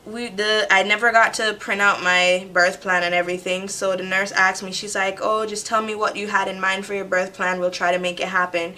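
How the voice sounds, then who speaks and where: Chatty young woman with a bright voice. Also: medium pitch, moderate pace, few pauses, slight background noise. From Jamaica. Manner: chatty, animated retelling with quoted voices. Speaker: vlogger. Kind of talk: casual storytelling to camera. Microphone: camera mic.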